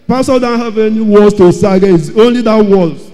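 A man giving an emotional church testimony, telling his story dramatically and repeating phrases, his loudness rising and falling. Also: high-pitched, fairly quick. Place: large church hall. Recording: long hall reverb.

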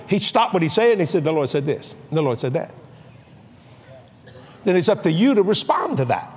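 Animated older preacher, high lively voice. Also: male voice, husky. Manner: animated, acts out voices with shouts and laughs. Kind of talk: sermon with comic storytelling. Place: large convention hall.

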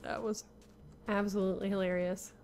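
A woman's voice: mid-range voice, steady tone, moderate pace, vocal fry, darkish tone, a little hiss or hum. A young woman talking to herself while playing a survival game, often laughing and grumbling in exasperation. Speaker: gamer. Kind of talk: Minecraft gameplay commentary.

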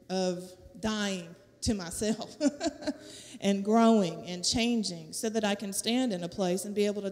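With a medium-pitched voice, a middle-aged Southern US woman shares a lively testimony in a church sanctuary. A teacher by profession, she laughs frequently and performs the quotes of others, all captured in an echoey church hall.

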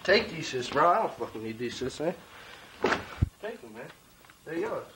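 A man's voice: a little high, sing-song, moderate pace. A clothing designer in a comic mock-documentary, delivering a rambling, profane rant outdoors by his tent, calling everyone "man" and "bro". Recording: noisy outdoor recording.

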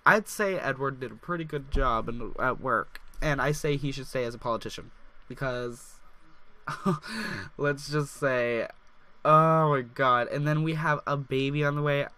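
A young man giving casual, excitable gameplay commentary as a let's play gamer, chatty and full of "like" fillers, his voice sounding a little off. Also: mid-range voice, measured pace.

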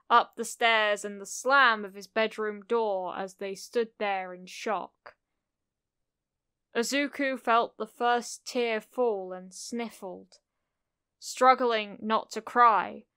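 A woman narrating a cozy fan fiction audiobook in a gentle, unhurried storytelling manner. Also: mid-range voice, clear, resonant tone, no echo, studio quality.

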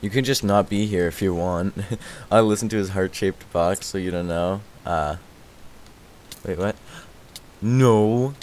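Excitable young male game streamer. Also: deep voice, measured pace, pauses often, slight background noise. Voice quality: says his voice is worn out. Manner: excitable, laughs often, yelps and shouts when startled. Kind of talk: casual live-stream chat.

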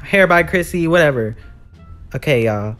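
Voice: medium pitch, lively intonation, normal speed, fairly bright tone, faint music behind. A gamer giving live commentary on a horror game, jumpy and sassy, shrieking when scared and talking back to the villain. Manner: frightened shrieks and repeated exclamations.

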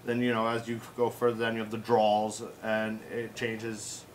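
A man's voice: on the low side, monotone, moderate pace, slight background noise. An American man hosting a casual chat, rambling through anecdotes with plenty of fillers. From United States. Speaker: host. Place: home room with pets.

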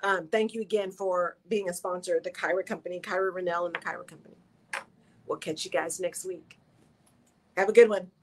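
A woman's voice: on the low side, steady tone, a little fast. A middle-aged woman hosts a radio show, giving an earnest, encouraging motivational talk straight to her listeners.

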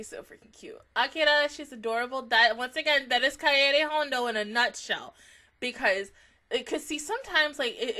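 A young woman's chatty anime reaction with a bright, forceful edge to her voice, pitched a touch high. She gets excitable, laughs often, and swears casually as she gushes about the episode.

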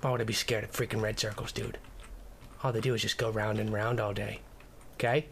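A man's voice: lowish voice, little pitch movement, fairly quick, vocal fry, a bit bright, a little hiss or hum. A man giving comedic let's-play commentary, goofy, flipping into silly character voices and muttering under his breath as he plays. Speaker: gameplay commentator.

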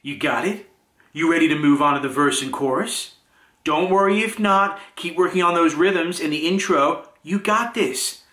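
A man's voice: a little high, moderate pace, pushed and bright. A man giving upbeat, scripted encouragement to a drum student. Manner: enthusiastic, cheering the learner on. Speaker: lead character hosting the tutorial. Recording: echoey room.

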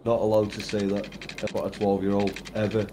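A man's voice: lowish voice, monotone, brisk. Irate swearing man, echoey room. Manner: angry, swearing, emphatic. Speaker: streamer and father. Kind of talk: heated casual chat. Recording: roomy with clear background noise.

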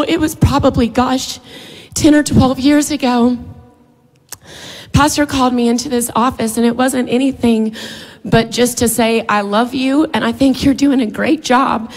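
A woman speaking at a church, praying and then talking with open emotion in a sermon. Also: high-pitched. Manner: emotional, heartfelt, slow and drawn out. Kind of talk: sermon with prayer.

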